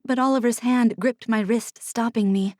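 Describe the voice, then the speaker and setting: A woman narrating a first-person fantasy audiobook in a hushed manner, sometimes dropping to an unvoiced whisper, close to a studio mic. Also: fairly high pitch, fairly even intonation, normal speed, dry recording. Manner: hushed, drops to unvoiced whispers in tense passages.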